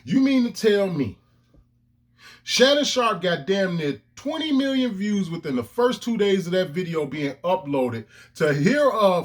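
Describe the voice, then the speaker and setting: A man ranting to his own camera in heated, profane commentary, with emphatic outbursts. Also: high-pitched. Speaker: vlogger. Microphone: camera lens, self-recorded.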